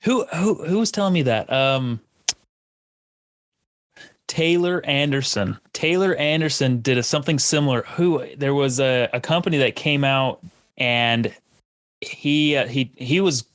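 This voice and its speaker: A man's voice: mid-range voice, measured pace, fairly bright tone, no echo. Enthusiastic male podcast host, dry sound. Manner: rambling, restarts, enthusiastic. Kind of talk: casual interview chat.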